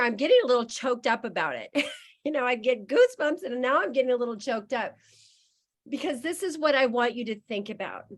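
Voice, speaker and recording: A woman's voice: on the high side, fairly bright tone. A woman giving an emotional, emphatic motivational speech on a video call, repeating phrases for effect. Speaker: guest speaker on a network marketing call.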